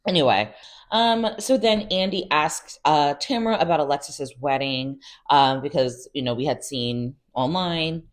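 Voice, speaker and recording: A woman's voice: deep voice, unhurried. A woman hosting a casual reality TV recap, chatty and sassy with exasperated asides.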